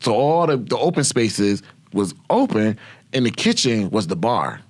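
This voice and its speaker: Animated man telling raw stories. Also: fairly low pitch, unhurried, no room sound. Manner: animated, profane, laughs often. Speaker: podcast host. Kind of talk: casual storytelling.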